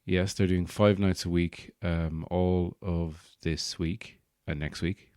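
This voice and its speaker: A man's voice: deep voice, little pitch movement, slow, darkish tone, clear, resonant tone, dry recording, studio quality. An Irish man hosting a podcast, rambling through a jokey comic monologue and slipping into put-on accents. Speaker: podcast host and stand-up comedian. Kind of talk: casual comedic monologue.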